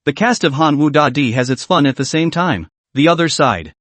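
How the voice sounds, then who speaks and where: A man's voice: a little high, lively intonation, normal speed, a bit bright, dry recording. A man narrating a web comic recap, telling the story steadily with asides to viewers.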